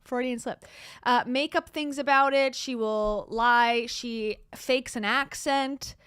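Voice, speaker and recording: A woman's voice: on the high side, slow pace, a bit bright, smooth, dry recording, studio quality. A woman hosting a gossip commentary show, talking in a sarcastic, scoffing way. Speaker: commentary host.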